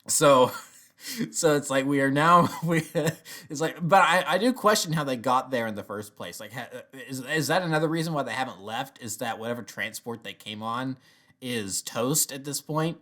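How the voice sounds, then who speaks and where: A man's voice: mid-range voice, normal speed, bright, forceful tone. A man in the middle of his range talks through a show review in a loose, rambling way. He chuckles often and restarts his sentences a lot. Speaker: TV episode reviewer. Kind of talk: casual spoken review.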